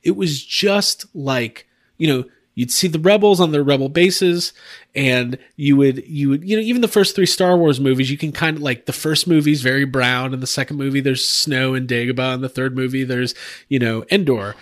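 A man's voice: mid-range voice, moderate pace. A man co-hosting a late-night podcast, chatting casually and rambling with many fillers and frequent laughs. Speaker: podcast co-host. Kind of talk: casual group chat.

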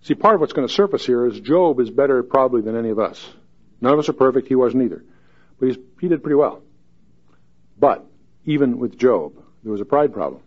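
A man in the middle of the usual pitch range gives a folksy, joking Bible teaching and reads each verse aloud with rising emphasis. The recording sounds slightly dull and lo-fi, like a home podcast. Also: lively intonation, fairly quick.

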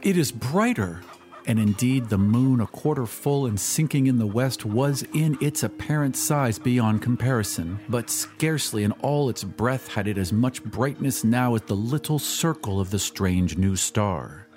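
A man reading a classic story aloud as an audiobook narrator, measured and dramatic. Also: mid-range voice, darkish tone, faint music behind. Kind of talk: scripted narration.

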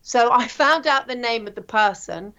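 A woman, a TV presenter, telling her career story in a chatty, animated way with plenty of ums. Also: on the high side, moderate pace, creaky, dull audio. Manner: chatty, animated anecdotes with frequent fillers. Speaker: guest, TV presenter. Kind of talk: interview storytelling.

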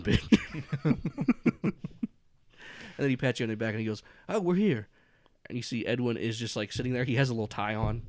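Man, game master, casual rambling narration, frequent laughs, fillers, mid-pitched voice, dry close mic. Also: darkish tone, no room sound.

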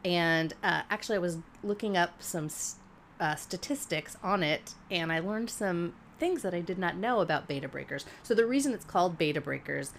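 Podcast co-host, woman, low-ish voice, chatty storyteller, faint hiss. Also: expressive, normal speed, gravelly. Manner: chatty storyteller, laughs while talking. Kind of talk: casual chat.

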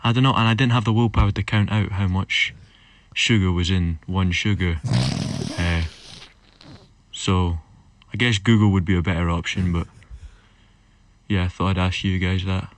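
A man's voice: low-pitched, fairly even intonation, moderate pace, a little hiss or hum. A man with a Scottish accent leaving a rambling, casual voice message, musing aloud and teasing. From Scotland. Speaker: listener sending a voice message.

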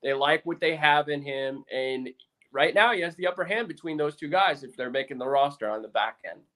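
A man co-hosting a sports podcast in a casual chat, telling stories in an animated, excitable fan's way. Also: on the high side, fairly quick. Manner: animated, excitable fan storytelling. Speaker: podcast co-host.

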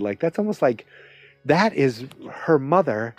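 Male podcast host, casual rambling recap delivery, mid pitch, dry recording with faint music. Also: big pitch swings, moderate pace, breathy edge, no room sound. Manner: rambling, self-interrupting, conversational.

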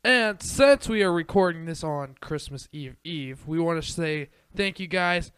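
A man's voice: fairly high pitch, expressive, a little slow, fairly bright tone, clear, resonant tone, dry recording. A man co-hosting a podcast, chatting in a friendly, easygoing way. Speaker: podcast co-host. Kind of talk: casual podcast outro.

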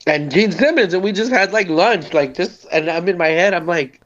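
A man's voice: sits high, normal speed, a bit bright. Rambling man telling a story, lo-fi. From Socorro, US Southwest. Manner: rambling, heavy on "like", swears freely, acts out quotes. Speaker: podcast guest. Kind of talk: casual storytelling.

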